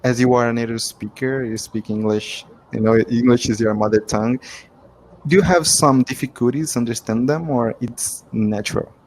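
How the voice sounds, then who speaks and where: A man's voice: mid-range voice, steady tone, moderate pace, a little mellow, slight background noise, poor audio. A man from Brazil, whose first language is Portuguese, speaking English with a Brazilian accent on a video call. He laughs often and sometimes hunts for words. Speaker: English learner. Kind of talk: casual conversation practice.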